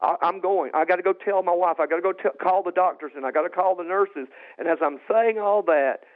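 Excited man telling his testimony, tinny. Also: brisk. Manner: rises high and loud when reliving moments, repeats and restarts. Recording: tinny phone-like sound.

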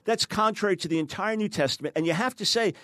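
An emphatic man talking through scripture in a lively discussion, his voice sitting a little high. The sound is dry and close, with no room around it. He drops into quoted voices to make his points. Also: fast, dry recording. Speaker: guest author. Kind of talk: animated theological discussion.

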